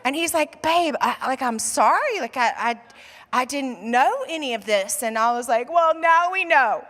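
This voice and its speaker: An American woman pastor tells a story from the pulpit, acting out each person's lines in a lively, chatty way. Her voice is high and bright. It rings with the long reverb of a large church hall. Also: normal speed. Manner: animated storyteller acting out dialogue, says "like" often. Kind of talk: sermon storytelling. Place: church auditorium.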